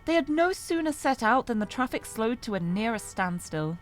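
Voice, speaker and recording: A woman's voice: a little high, big pitch swings, normal speed, soft background music. A woman streamer reading a story game aloud, narrating expressively and breaking off to laugh and comment.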